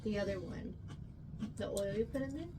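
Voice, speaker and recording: A woman chatting casually while tasting a meal, relaxed and agreeable, often murmuring along. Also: mid-range voice, normal speed. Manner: relaxed, agreeable, lots of mm-hmms. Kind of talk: casual chat.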